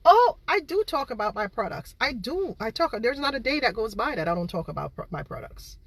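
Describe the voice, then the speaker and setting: A woman's voice: on the high side, sing-song, brisk, few pauses, husky, dry recording. A Jamaican woman baker ranting indignantly to her viewers, repeating herself and firing rhetorical questions. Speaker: baker running her own cake business. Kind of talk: ranting livestream monologue.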